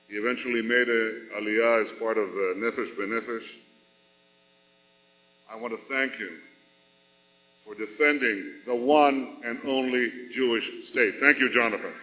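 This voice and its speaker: Man, from Israel, formal speech, emphatic repetition, slow delivery, long arena reverb. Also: medium pitch, sharp tone, a little hiss or hum. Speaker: national leader addressing a rally. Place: large arena.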